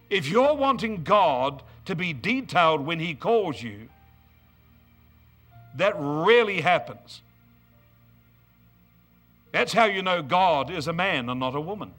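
A middle-aged man preaching a sermon, mixing scripture reading with joking stories about married life. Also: sits high. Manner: humorous, storytelling, animated asides.

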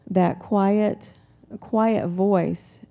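A woman preaching a sermon in a calm, conversational way, weaving in personal stories. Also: medium pitch, very slow, gravelly.

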